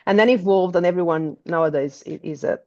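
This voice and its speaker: A woman's voice: lowish voice, brisk, mellow, muffled recording. A woman with a Portuguese accent, a tour guide chatting in an interview, hesitant with many restarts. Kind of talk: casual interview chat.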